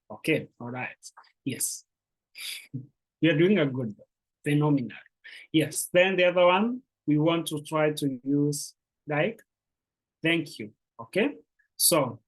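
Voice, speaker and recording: Teaching a beginner language lesson, this teacher patiently repeats words slowly and encourages the learners. The voice is mid-range and slightly rough, and the audio quality is poor.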